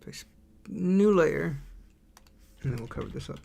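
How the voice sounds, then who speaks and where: A man's voice: a little high, lively intonation, unhurried, vocal fry, darkish tone, breathy edge. A man streaming his indie game development, chatting casually and thinking aloud while he draws and reads chat.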